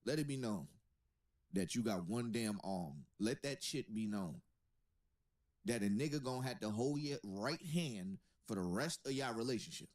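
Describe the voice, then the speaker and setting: Here a podcast host with a fairly low, darkish voice talks at normal speed in an animated way. He trades casual banter, reacting to things with disbelieving jokes and laughs.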